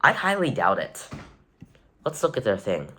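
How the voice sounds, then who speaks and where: A man's voice: fairly low pitch, wildly swooping pitch, moderate pace, fairly bright tone. A man giving casual, rambling commentary as a vlogger, with wry sarcastic asides and frequent self-corrections. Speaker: vlogger rating rockets. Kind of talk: casual tier-list commentary.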